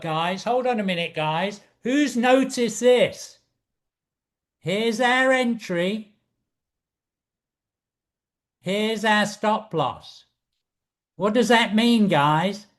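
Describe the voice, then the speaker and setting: Excitable high-voiced man teaching trading. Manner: excitable, repetitive, showman-like. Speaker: trading instructor. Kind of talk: screen-share trading walkthrough.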